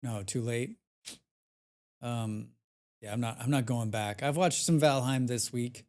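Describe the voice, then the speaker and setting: A male game streamer talking to his live chat in a loose, rambling way, full of fillers and restarts. His voice sits at an ordinary middle pitch and picks up energy when he gets into a story about his play. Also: unhurried. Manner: rambling, filler-heavy, reads chat aloud; grows animated when recounting gameplay.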